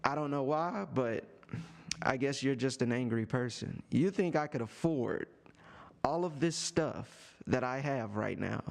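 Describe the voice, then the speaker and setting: A man live-streaming from a home setup with a desk microphone, talking to a chatter in a sarcastic, teasing rant full of drawn-out taunts. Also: medium pitch, vocal fry. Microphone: desk microphone and headphones.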